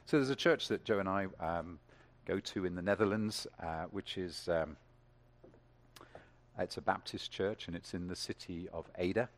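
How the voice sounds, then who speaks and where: Preaching to a congregation, this man speaks at normal speed in a low-sitting voice. He delivers his sermon with energy, rising to emphatic peaks and asking the listeners questions.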